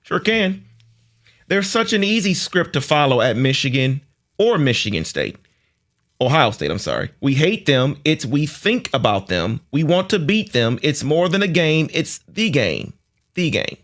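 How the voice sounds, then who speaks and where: A man on a sports radio show in a studio, briskly reading quotes aloud for a guessing game. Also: fairly high pitch, sing-song, fairly bright tone.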